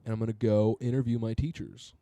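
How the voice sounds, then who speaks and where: A man, a comedian guest on a podcast, telling deadpan absurd tangents in casual chat. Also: lowish voice, quick pace, no echo. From Seattle area.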